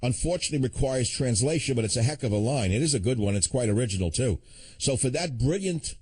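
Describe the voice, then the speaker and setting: A male radio host takes calls and comments on them in a combative, sardonic tone. He often breaks into chuckling asides. His voice sits at an average pitch for a man. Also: expressive, fast talker, darkish tone, husky. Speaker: radio talk show host. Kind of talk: call-in talk radio.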